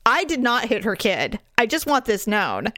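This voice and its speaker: A woman in her forties telling a story in casual, animated chat as a podcast co-host. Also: fairly high pitch, no echo, clean studio sound. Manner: chatty, animated, quick asides.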